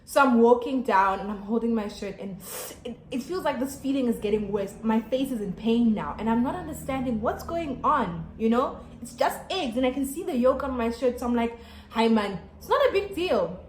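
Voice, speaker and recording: Young woman, South African accent, storytime vlog, fairly high voice, echoey room. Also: brisk, hardly any pauses, slight background noise. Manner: animated, chatty, many fillers and restarts, laughing through the story. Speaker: YouTuber.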